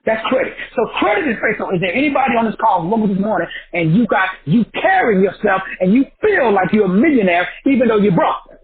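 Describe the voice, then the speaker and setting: A man's voice: high-pitched, big pitch swings, fast. A man teaching a credit class over a group call in a preacher-like cadence, folksy and emphatic, firing off rhetorical questions and repeating phrases. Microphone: phone or call line. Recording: tinny phone-line audio.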